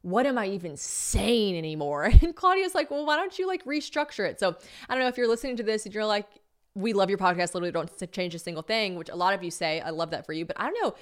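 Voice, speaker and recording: A young adult woman hosting a solo podcast, telling stories in a chatty, animated way, acting out quoted dialogue and swearing casually. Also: mid-range voice, fast. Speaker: podcast host.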